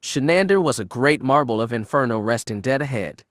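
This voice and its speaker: A man's voice: medium pitch, animated, fairly quick, no echo, studio quality. A man reading a science-fiction audiobook aloud, shading his voice a little for each character. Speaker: audiobook narrator. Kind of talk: scripted audiobook narration.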